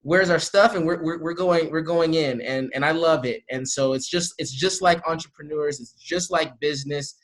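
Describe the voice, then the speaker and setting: A man speaking on a video call panel, energetic and rambling, with many fillers and restarts. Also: on the high side, moderate pace, hardly any pauses. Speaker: panelist from a small-business support group.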